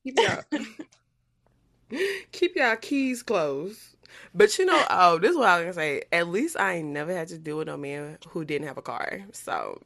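Twenties woman, podcast co-host; bright, lively delivery, slangy, quick to laugh. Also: on the low side, dry recording. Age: 20s. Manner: laughing often, slangy and animated. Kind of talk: casual chat.

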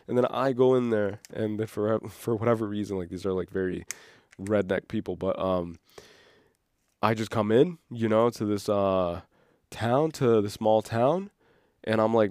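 Rambling lower-voiced podcast host. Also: male voice, a little fast, dry recording, clean studio sound. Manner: rambling, excitable, loses his train of thought. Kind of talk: unscripted solo monologue.

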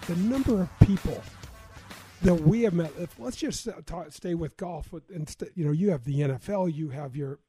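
High-voiced, excitable male host. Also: moderate pace, faint music behind. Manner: excitable, enthusiastic. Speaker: podcast host. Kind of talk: casual interview chat.

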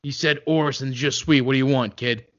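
A man in a comedy sketch telling a rambling children's story, with many hesitations and a gruff tone toward the kids. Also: medium pitch, steady tone, normal speed, a bit bright, highs cut off. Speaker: comic storyteller doing an impression.

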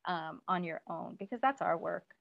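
A woman's voice: lowish voice, normal speed, vocal fry. A woman guest in a casual interview, giving practical advice with many "um"s and "you know"s. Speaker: parenting guest. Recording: dull lo-fi recording.

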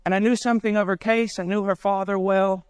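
A man's voice: sits high, flat delivery, fairly quick, darkish tone, smooth, dry recording, clean studio sound. A man preaching a sermon, urgent and direct, pleading straight with his listeners.

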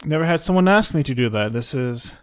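A man voicing a shy young gentleman who answers haltingly and earnestly. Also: medium pitch, animated, no room sound, lightly acted. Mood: moved.

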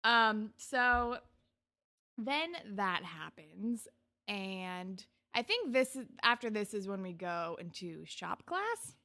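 A woman's voice: mid-range voice, sing-song, takes it slowly, sharp tone. A woman recapping a TV episode casually, laughing often and acting out scenes as she retells them.

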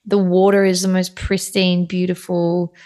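A woman's voice: fairly low pitch, little pitch movement, unhurried, a little mellow. Aussie woman chatting on a podcast, laughs a lot, lots of ums. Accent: Australian. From Australia. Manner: chatty, laughing often, hesitant with fillers. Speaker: guest singer. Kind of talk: casual chat.

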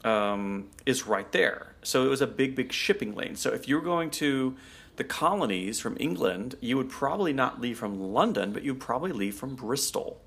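Casting: male co-host, mid-pitched, chatty explainer, loose and rambling. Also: animated, normal speed, a bit bright, breathy edge. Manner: chatty, explains with asides and fillers. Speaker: podcast co-host. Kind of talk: casual chat.

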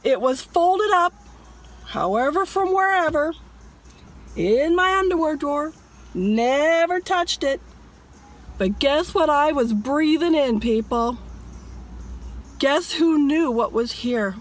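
Woman vlogger, high voice, dramatic storyteller who preaches hard at her viewers. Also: expressive, takes it slowly, pauses often. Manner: emphatic, addresses viewers as "people". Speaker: religious vlogger.

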